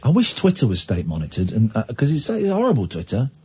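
Heard through dull lo-fi radio sound, this radio host has a mid-range, mellow, slightly breathy voice that swings hugely in pitch and runs a bit fast. He leads a casual chat show, sarcastic and teasing, animating every story he tells.

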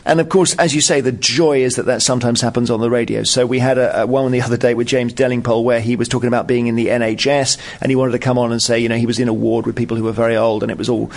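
A man's voice: mid-range voice, little pitch movement, racing, gravelly, hardly any pauses. A man who is a radio presenter and author, telling stories as a guest in a chatty, amused way. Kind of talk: anecdotal storytelling in interview.

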